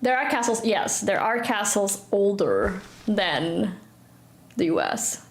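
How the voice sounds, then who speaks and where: Commentating a live game stream, a young woman from Portugal chats and giggles in a very animated yet slow-paced, medium-pitched voice. The recording carries room echo and a faint hum of noise.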